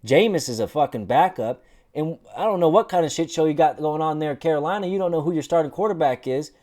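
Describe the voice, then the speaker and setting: A man's voice: fairly high pitch, lively intonation, quick pace, a little mellow, voice pushed up, close to an everyday voice. A man voicing a swaggering football team that taunts its rivals with profanity. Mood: taunting. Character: cocky trash-talking football team, male, swaggering.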